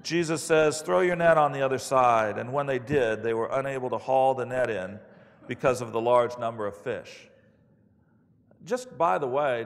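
A man preaching a sermon, telling stories in an animated way and acting out the quotes. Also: mid-range voice, gravelly. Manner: animated storytelling with acted-out quotes. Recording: long hall reverb.

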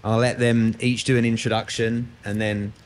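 A man with an Australian accent moderating a conference panel, chatty and jokey, with filler pauses. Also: fairly low pitch, level tone, slight background noise. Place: conference room.

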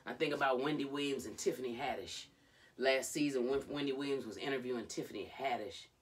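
A woman's voice: extremely low pitch, fast, far from the mic. A woman coach hosting a reality-show commentary vlog, retelling events dramatically and calling out to the Lord. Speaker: life coach and vlogger.

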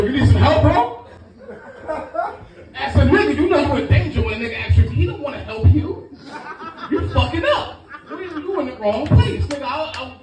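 Brash New stand-up comedian. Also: male voice, extremely high pitch. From Brooklyn, New York. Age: middle-aged. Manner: brash, profane, crowd-teasing. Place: comedy lounge, live audience. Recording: echoey club from far off, music, crowd.

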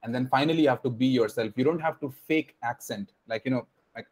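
A man's voice: medium pitch, fast, few pauses, a little mellow. A young man teaching children in an online class, explaining patiently and repeating his points, with many fillers. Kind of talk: teaching kids over a video call. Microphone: video call.

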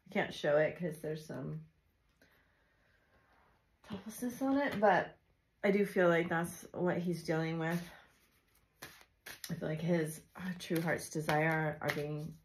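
Tarot reader, woman, low and creaky, loose chatty delivery full of asides. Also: steady tone, slow pace, long pauses, a little hiss or hum, poor audio. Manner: chatty and intuitive, with frequent fillers and asides. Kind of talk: casual tarot love reading.

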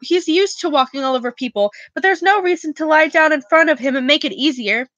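A woman's voice: high-pitched, fairly quick, a bit bright, no echo, highs cut off. A woman voicing a blunt, teasing schoolboy wizard in an audiobook reading, grumbling and direct. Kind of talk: audiobook character voice.

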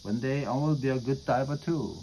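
Shy little boy from a storybook, man reading, soft and a bit lower. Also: a little fast, slight background noise, lightly acted, rough recording. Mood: wistful. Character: timid young boy Freddie.

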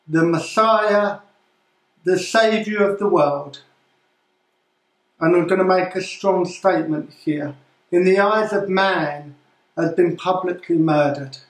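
Solemn pastor as a slow on-scene reporter. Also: male voice, high voice, reverberant, rough recording. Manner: solemn reporter's commentary, halting restarts. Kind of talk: sermon as a mock live news report.

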